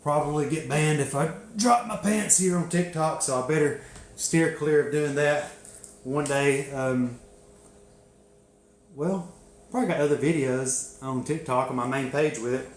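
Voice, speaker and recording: A man's voice: on the high side, measured pace. Profane man telling stories. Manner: profane, laughing, drawling storyteller. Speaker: live-stream host. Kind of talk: casual live-stream storytelling. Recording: echoey room.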